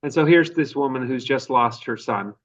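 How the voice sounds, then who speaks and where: An earnest man tells an anecdote as a guest in a podcast interview. His voice sits at an ordinary middle pitch. The sound is slightly muffled. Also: normal speed, far from the mic. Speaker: author guest. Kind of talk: conversational storytelling.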